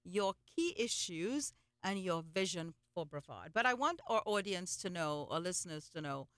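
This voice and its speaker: A host interviewing a political candidate, chatting and encouraging with quick affirmations. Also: medium pitch, animated, a bit bright, clear, resonant tone, no room sound, clean studio sound. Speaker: radio show host. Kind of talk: casual interview.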